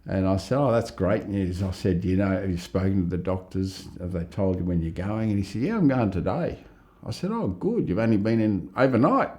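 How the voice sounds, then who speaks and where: A middle-aged Australian man telling a rambling, lively story in a casual interview. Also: deep voice, fairly quick. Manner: rambling, animated, laughs at own story. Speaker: interviewee, psychiatric ward worker.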